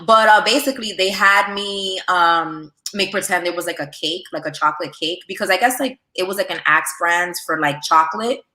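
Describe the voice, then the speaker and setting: A woman telling a personal story in a casual, animated way, full of "like" and "you know". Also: lowish voice, a little fast, hardly any pauses, roomy sound. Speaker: podcast guest.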